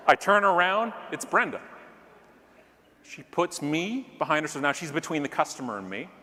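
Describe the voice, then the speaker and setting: A middle-aged man from Canada tells a comedic story from a conference stage, his voice bright and slightly high with wide swings in pitch. He acts out shouting characters between quick asides to the crowd. The sound carries a long hall reverb over faint room noise. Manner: animated, acts out yelling characters, jokey asides. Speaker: keynote speaker.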